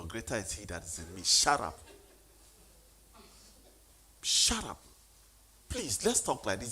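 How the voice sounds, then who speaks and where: A man's voice: medium pitch, fairly bright tone, a little hiss or hum. A man giving a motivational sermon, speaking emphatically and questioning the audience.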